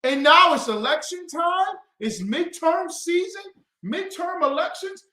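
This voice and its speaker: A man's voice: animated, measured pace. Fiery ranting man, echoey room. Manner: fiery, swings from low muttering to shouting. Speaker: host. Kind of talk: impassioned talk-show rant.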